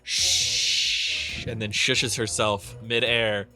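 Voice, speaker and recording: A man's voice: on the low side, steady tone, normal speed, fairly bright tone, faint music behind. A man narrating as game master in a tabletop game, rambling with lots of fillers and restarts. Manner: rambling, hesitant, many fillers.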